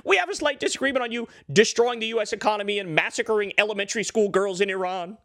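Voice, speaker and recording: A man's voice: high voice, fast, a bit bright, no room sound, clean studio sound. A man voicing a groveling, fawning grown man who pleads with his boss in a mocking, simpering tone. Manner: simpering and sarcastic mockery.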